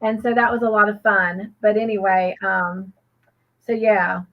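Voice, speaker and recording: A woman's voice: mid-range voice, fairly even intonation, a little slow, lo-fi sound, a little hiss or hum. A woman, co-hosting a casual crochet livestream, rambling earnestly with many fillers and restarts. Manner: earnest and grateful.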